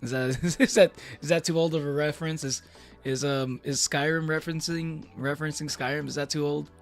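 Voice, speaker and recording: Soft background music accompanies a young man whose slightly high, steady voice runs a little fast. He's streaming, chatting loosely with viewers in a rambling way, laughing a lot and using many fillers and restarts.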